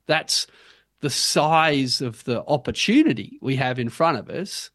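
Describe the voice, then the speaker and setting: An Australian man making his case in an interview, animated and emphatic, with sharp rhetorical turns. His voice sits at an ordinary pitch for a man. The recording is close and dry, with no room sound. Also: measured pace, no room sound. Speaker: guest policy advocate. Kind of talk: interview, arguing for a policy.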